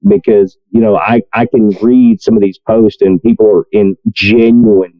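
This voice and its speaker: Low-voiced guy on a podcast, blunt and sweary, dry slightly muffled mic. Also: steady tone, moderate pace, dry recording. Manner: blunt, profane, self-deprecating. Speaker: podcast co-host. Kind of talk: casual podcast chat.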